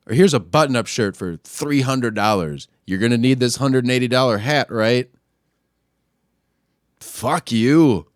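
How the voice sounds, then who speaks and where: A man hosting a podcast, ranting casually and crudely, often pushing his voice louder and higher when worked up. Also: unhurried, no echo, studio quality. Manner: profane, crude trolling rant. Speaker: podcast host. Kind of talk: casual solo rant.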